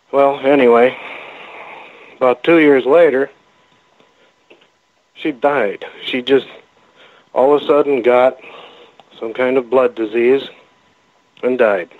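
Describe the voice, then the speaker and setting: Male radio guest calling in by phone; rambling, halting storyteller; thin, phone-like sound. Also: mid-range voice. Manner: rambling, halting, with many restarts. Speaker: guest, cryptid researcher. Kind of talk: casual storytelling interview. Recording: phone-line call-in audio.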